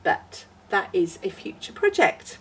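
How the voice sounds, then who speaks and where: A woman hosts a knitting podcast, chatting casually in a rambling, self-deprecating way at a measured pace. Her mid-range voice is sing-song, and she seems to be outdoors in a windy garden, a little far from the mic.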